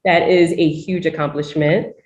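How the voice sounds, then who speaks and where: A woman's voice: low-pitched, fairly even intonation, normal speed, a little mellow, roomy sound, a little hiss or hum. A woman hosting a podcast, asking upbeat interview questions over a video call. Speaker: podcast host.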